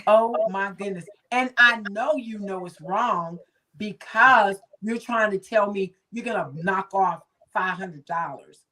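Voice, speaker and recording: A woman's voice: mid-range voice, takes it slowly, bright, forceful tone, far from the mic, rough recording. A woman hosting a casual chat, affirming her guest and telling her own story with frequent laughs. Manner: chatty, affirming, laughs often. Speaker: host.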